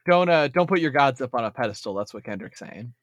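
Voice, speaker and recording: A man's voice: mid-range voice, animated, quick pace, no echo. A man co-hosting a casual movie review chat, laid-back and joking, trailing off with fillers. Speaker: podcast co-host.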